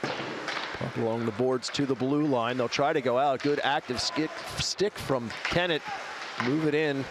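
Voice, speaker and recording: A man giving brisk, clipped play-by-play commentary on a live hockey game. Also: mid-range voice, background noise.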